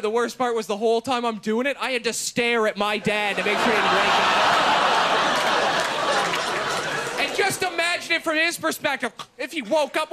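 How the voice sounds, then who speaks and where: A man in his twenties doing a stand-up routine on a TV comedy show, deadpan with sudden shouted bursts. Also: very high voice, heavy background noise. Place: TV studio stage before an audience.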